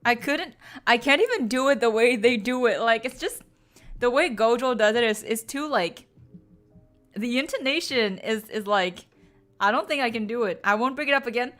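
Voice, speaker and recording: Woman, bright tense voice, higher pitch, dramatic and exaggerated, casual stream chat. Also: normal speed, faint music behind. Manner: dramatic, exaggerated pleading and groaning. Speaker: streamer chatting with viewers.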